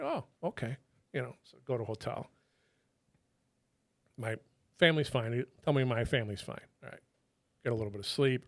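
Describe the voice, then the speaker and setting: A man's voice: mid-range voice, no echo. A middle-aged man, a retired federal agent, telling stories casually and animatedly, swearing freely and acting out what others said. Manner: animated, swears freely, quotes people in their own voices. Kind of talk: casual storytelling.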